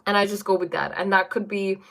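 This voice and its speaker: A woman's voice: mid-range voice, fairly even intonation, fast talker, creaky, a bit bright. A woman hosting a casual stream and answering viewer questions, thinking aloud with fillers and restarts. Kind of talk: casual chat.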